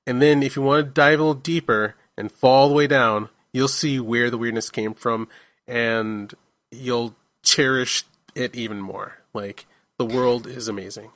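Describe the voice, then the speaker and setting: A man's voice: mid-range voice, steady tone, moderate pace, fairly bright tone, dry recording. A man hosting a casual podcast, rambling with eager enthusiasm and plenty of fillers. His voice sits mid-range and sounds dry and close, with little room sound. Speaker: podcast host.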